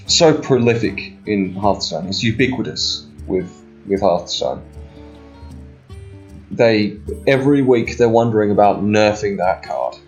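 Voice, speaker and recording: A man giving casual, sarcastic and profane commentary over his own gameplay. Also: fairly low pitch.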